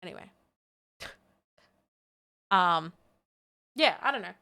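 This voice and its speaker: A woman's voice: on the low side, expressive, slow, vocal fry, pushed and bright, smooth. A woman chatting candidly on a live stream, rambling and self-deprecating with frequent laughs. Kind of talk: casual live-stream chat.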